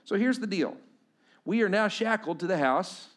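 A middle-aged man preaching a sermon as a pastor, swinging between loud emphatic passages and hushed, intense appeals. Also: fairly high pitch, moderate pace.

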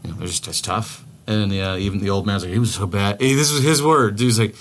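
A man's voice: on the low side, animated, fast talker. A man co-hosting a podcast in casual banter, rambling and joking, swearing freely. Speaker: podcast co-host.

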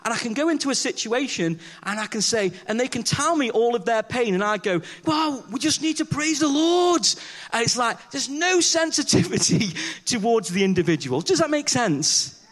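A man's voice: extremely high pitch, sing-song, normal speed, a bit bright. A man preaching a chatty, humorous sermon in church, telling self-deprecating stories and acting out the dialogue as he questions the congregation.

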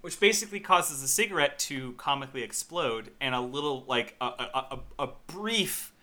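A man's voice: mid-range voice, animated, normal speed, bright, forceful tone. A man co-hosting a casual movie review podcast, recapping scenes with wry, profane exasperation. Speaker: podcast co-host.

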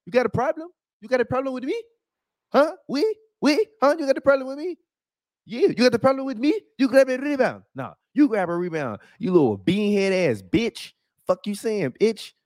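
A man's voice: high-pitched, big pitch swings, normal speed, warm tone, no echo, studio quality. A man putting on a raised, furious voice for a boastful figure hurling profane threats. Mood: confrontational. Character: brash trash-talking man, furious and boastful.

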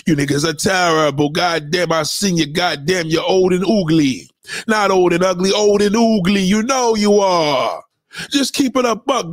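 A man on a livestream rants with loud, profane energy, often breaking into mocking impressions. His voice sits high and swings widely in pitch. The sound is dry and close, with no room around it. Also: dry recording. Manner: loud, profane, animated ranting with mocking put-on quotes. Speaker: livestream host. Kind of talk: ranting livestream commentary.

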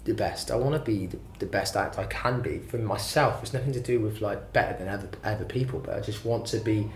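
A man with a low voice talks through his career as a singer-songwriter in a loose, rambling way, quick to poke fun at himself. The recording sounds roomy, with some echo. There is a faint hum of ambience behind him. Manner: rambling, self-deprecating storytelling. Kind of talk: casual interview chat.

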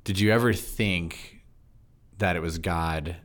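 A chatty, quick-talking pastor holds a relaxed interview in a low, deep voice. He jumps from point to point and laughs easily. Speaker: pastor and podcast host. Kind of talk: casual interview conversation.

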